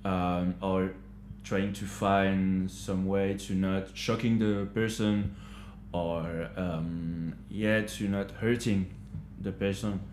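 Man with a French accent, hesitant, searching for words, low voice, slow pace, echoey room. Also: steady tone, darkish tone, slight background noise. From France. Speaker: guest. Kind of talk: casual conversation. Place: upstairs kitchen of a hostel.

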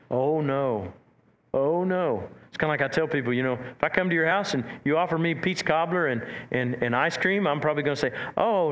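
A man preaching a sermon as pastor, animated, stumbling over repeated words and acting out quotes. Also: on the high side.

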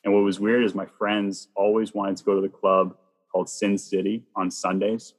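As an interview guest, a Canadian man with a very deep, husky voice shares the story of his faith at a normal speed. He tells it vividly, acting out what people said to him, and a long reverb suggests a large room.

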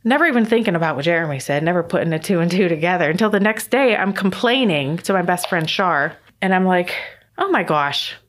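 A woman's voice: on the low side, lively intonation, quick pace, hardly any pauses. A middle-aged woman sharing a personal faith testimony in a chatty, emotional way, laughing often.

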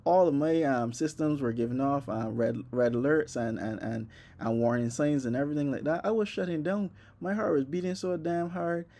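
A young man tells a comic story with plenty of profanity, acting out his own reactions as he goes. His voice is mellow and warm, and he stays animated throughout. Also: fairly high pitch, moderate pace. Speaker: vlogger. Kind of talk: comedic personal storytelling.

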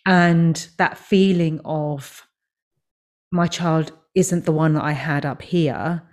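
A woman's voice: sits low, fairly even intonation, slow. A woman hosting a podcast interview, reflecting thoughtfully while asking questions. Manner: reflective, thinks aloud, frequent "mm" and "yeah". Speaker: podcast host, parent. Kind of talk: conversational interview.

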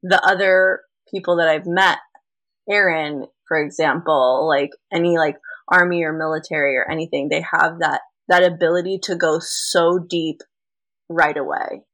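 A woman's voice: deep voice, steady tone, normal speed, a bit bright, no echo. A woman hosting a podcast, talking in casual chat with many fillers. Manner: chatty, lots of "like" fillers. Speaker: podcast host.

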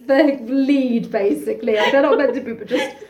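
High-voiced joking woman, roomy sound. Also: normal speed, darkish tone. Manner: joking, mocking commentary. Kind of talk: casual chat.

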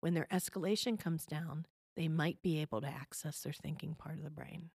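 Middle-aged woman, parenting guest, patient explainer, lowish voice, dry close recording. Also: a little fast, a little mellow, husky, no echo. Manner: patient, explanatory, checks in with "okay?". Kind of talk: conversational advice interview.

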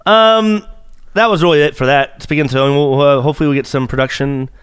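A man's voice: fairly high pitch, quick pace, smooth, no room sound, studio quality. A young man hosting a podcast, chatting casually, joking and swearing freely. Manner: animated, profane and joking. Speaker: podcast host. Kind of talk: casual chat.

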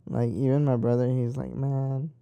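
Gravelly-voiced young man rambling on. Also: mid-range voice, moderate pace, warm tone, no room sound. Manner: rambling, profane and talkative. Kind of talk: casual chat.

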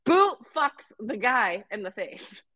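A woman's voice: on the high side, big pitch swings, takes it slowly, bright, forceful tone, no echo. A young Canadian woman with a Canadian accent, telling a story on a podcast in casual chat, swearing, laughing and acting out quotes. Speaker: podcast co-host.

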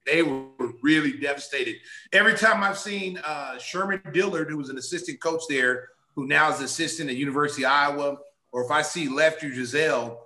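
A middle-aged man, a former basketball player, telling stories in a sit-down interview, acting out what people said with big jumps in pitch. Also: vocal fry, echoey room. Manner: animated storyteller, acts out quotes with big pitch jumps.

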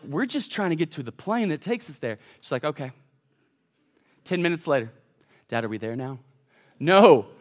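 A young man preaching a sermon, telling a lively family story to the congregation. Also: fairly high pitch. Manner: animated, addresses the congregation as y'all. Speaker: college pastor.

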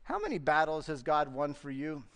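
A man's voice: a little high, big pitch swings, moderate pace, fairly bright tone. A man preaching a sermon as pastor, emphatic and full of rhetorical questions. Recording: long reverb of a large hall.

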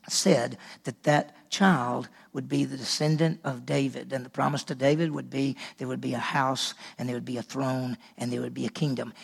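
A man's voice: on the high side, gravelly, a little mellow, husky. A man preaching a sermon as senior pastor, telling it in a folksy way and acting out the quotes. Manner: folksy storytelling, acts out quotes.

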